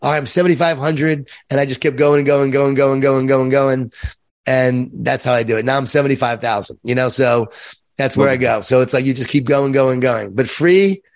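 A man's voice: mid-range voice, level tone, normal speed, gravelly, no room sound. A man speaking as a guest author in a casual talk, repetitive, easygoing and encouraging.

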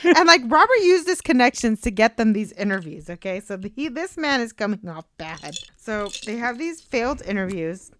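A woman guest co-host in a casual podcast chat, telling an animated, profane story with frequent laughter on a close mic. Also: a little high, moderate pace.

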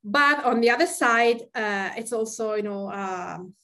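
A woman's voice: fairly high pitch, a little slow, sharp tone. A woman in her forties from Tuscany with an Italian accent, hosting a podcast and chatting with fillers. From Tuscany, Italy. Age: 40s. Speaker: podcast host. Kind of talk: podcast chat.

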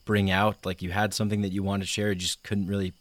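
A man's voice: deep voice, flat delivery, no room sound. A man hosting a casual conversation, asking chatty follow-up questions. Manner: quick, chatty, prompting questions. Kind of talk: casual chat.

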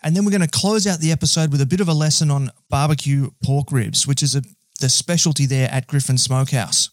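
A man's voice: a little high, steady tone, quick pace, no room sound, studio quality. Upbeat Australian man hosting a podcast. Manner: upbeat, chatty, friendly banter. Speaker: podcast host. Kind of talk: casual podcast chat.

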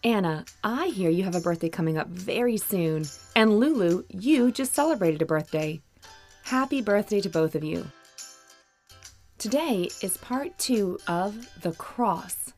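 A woman hosting a children's Bible story podcast, narrating with clear, gentle, expressive delivery. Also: medium pitch, measured pace, soft background music. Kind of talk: warm scripted narration for children.

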